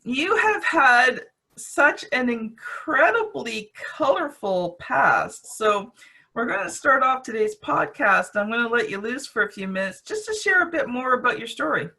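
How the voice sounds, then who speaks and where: A woman host with a Canadian accent and a bright, fairly high voice. She speaks slowly and deliberately, full of enthusiasm as she leads the show. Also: very animated, creaky, breathy edge. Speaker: podcast host. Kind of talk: podcast hosting and introductions.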